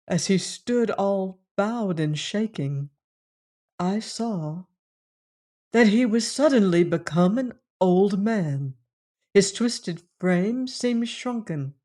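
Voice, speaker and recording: A man narrating a classic novel in a measured, solemn reading voice. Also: sits high, darkish tone. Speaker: audiobook narrator.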